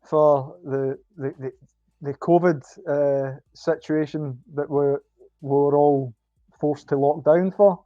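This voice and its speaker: A Scottish man chatting casually as a guest, talking in halting bursts with many ums and restarts. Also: a little high, fairly even intonation, dry recording, muffled recording. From Scotland. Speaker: podcast guest. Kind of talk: casual chat.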